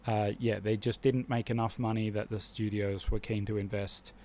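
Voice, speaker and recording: A man's voice: lowish voice, level tone, normal speed, darkish tone, a little hiss or hum. A man hosting a live stream, talking casually and with strong opinions, rambling and restarting his sentences often.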